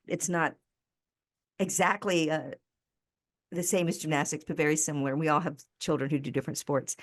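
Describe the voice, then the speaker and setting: Low-voiced American woman telling stories. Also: no room sound, studio quality. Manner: earnest, animated storyteller. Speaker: podcast guest, resilience speaker. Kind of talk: conversational interview storytelling.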